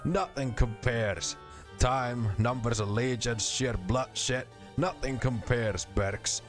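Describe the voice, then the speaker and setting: A man voicing a gruff, scornful male war storyteller from a fantasy game, with a put-on Scottish accent and a slangy, ranting manner. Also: medium pitch, slow, soft background music, natural voice. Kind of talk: reading game dialogue aloud in character.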